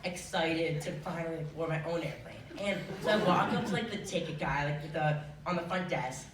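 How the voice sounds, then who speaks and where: A teenage student tells a true story to a school audience, chatty and peppered with filler words. The voice sits at a middling pitch and is caught from a distant mic in a roomy hall. The recording is noisy, with audience laughter behind it. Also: brisk. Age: teen. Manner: chatty, many filler likes. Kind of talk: live true-story telling.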